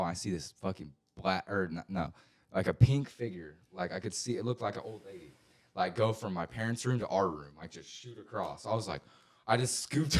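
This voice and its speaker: A young man co-hosting a podcast, telling rambling, profane ghost stories full of fillers, getting loud and excited at the scary parts. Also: low voice. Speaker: podcast co-host. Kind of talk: casual storytelling chat.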